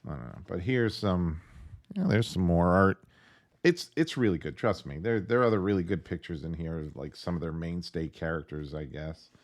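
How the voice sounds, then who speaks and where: Male home reviewer, deep, chatty, excited, rambles with fillers; dry close sound. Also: normal speed, dry recording. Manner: rambling and enthusiastic, with many fillers. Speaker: tabletop game reviewer. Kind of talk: casual video review. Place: at home with his dog nearby.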